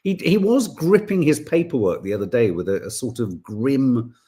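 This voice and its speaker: A man, hosting a podcast in casual chat and reading out viewer comments in a rambling, animated way. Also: mid-range voice, normal speed. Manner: rambling, animated, full of restarts and asides. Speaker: podcast host.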